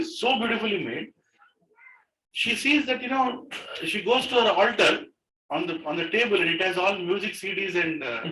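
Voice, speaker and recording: Man with an Indian English accent, animated. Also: a little high. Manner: animated storyteller, conversational. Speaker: speaker leading a scripture class. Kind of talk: devotional class, reading and commenting on verses. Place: room in a private home, group gathering. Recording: echoey room, distant mic, crowd.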